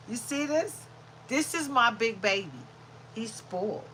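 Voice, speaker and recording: A woman's voice: fairly high pitch, lively intonation, slow pace, long pauses, pushed and bright, a little hiss or hum, poor audio. Woman cooing baby talk to her dog. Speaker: vlogger. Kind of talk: casual chat with pets and viewers.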